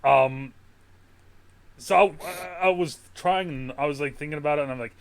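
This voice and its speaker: A man's voice: a little high, normal speed, creaky, clean tone, no echo. A man hosting a podcast, chatting casually about movies, rambling and swearing freely. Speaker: podcast host.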